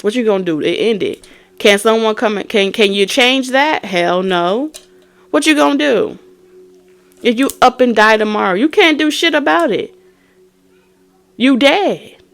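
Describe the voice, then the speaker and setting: A woman's voice: a little high, vocal fry. Blunt, profane woman tarot reader. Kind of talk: profane tarot reading rant.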